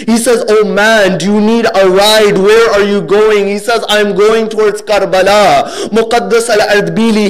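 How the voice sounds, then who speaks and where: Brief: earnest male preacher, slightly high voice, storytelling sermon that sinks soft and low at solemn moments. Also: poor audio. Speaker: speaker at a religious gathering.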